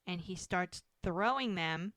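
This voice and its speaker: A woman's voice: fairly low pitch, slow, a bit bright, no echo. A woman co-hosting a podcast, casually recapping episodes and acting out the characters' lines as she goes. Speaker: podcast co-host.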